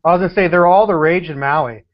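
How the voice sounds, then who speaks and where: A man joining a casual chat with quick, eager chatter. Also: on the high side, dull audio. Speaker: motovlogger guest.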